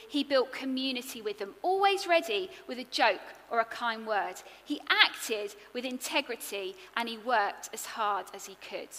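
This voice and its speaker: A woman preaching a sermon, earnest and expressive, building her points in rhythmic lists. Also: a little high, long reverb tail.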